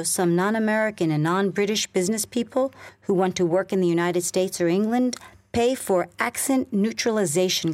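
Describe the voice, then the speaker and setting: A woman reading a scripted English listening lesson in a clear, measured way. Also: mid-range voice, a little mellow, no echo. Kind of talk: scripted narration.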